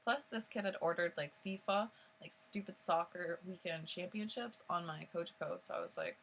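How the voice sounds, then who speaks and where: A woman's voice: on the low side, moderate pace, gravelly, a little hiss or hum, low-quality recording. A young woman telling a personal story in casual vlog style, rambling with lots of fillers and swearing. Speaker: vlogger.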